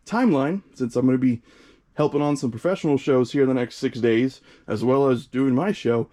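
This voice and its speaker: A man's voice: medium pitch, warm tone, no echo. A young man from the Midwest US hosting a casual fireworks vlog outdoors, a bit out of breath and chatty with many fillers. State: out of breath from the heat. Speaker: fireworks channel host. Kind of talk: casual vlog showing products. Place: outdoors by a storage shed.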